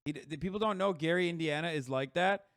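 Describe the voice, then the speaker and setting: A man reacting to a video on a live stream in casual commentary, rambling and profane with quick asides. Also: a little high, fairly bright tone, no echo, studio quality.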